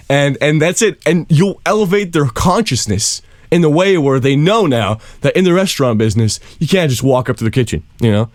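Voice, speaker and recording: Comedy podcast co-host, male, lively up-and-down delivery, rambling and mock-earnest, dry close sound. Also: on the high side, brisk, hardly any pauses, no room sound. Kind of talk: casual comedic banter.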